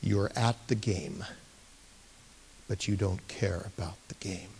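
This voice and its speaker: A male pastor telling a story in a sermon, animated and given to bursts of excitement. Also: slow pace, vocal fry, slight background noise. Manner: animated, bursting into excited shouts at high points.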